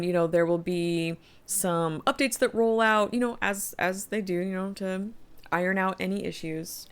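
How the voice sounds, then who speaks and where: A middle-aged woman streaming a game, chatting casually, thinking aloud and reading quest text. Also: fairly low pitch. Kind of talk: casual live-stream commentary.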